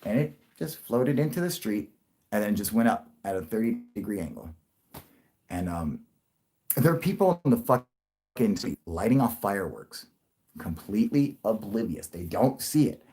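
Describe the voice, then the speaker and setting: A man's voice: sing-song, normal speed. Rambling, swearing man telling a story. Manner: rambling, profane, restarts a lot, jumps into loud high bursts for quoted voices. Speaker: livestream host telling a story. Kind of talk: casual storytelling to a live audience.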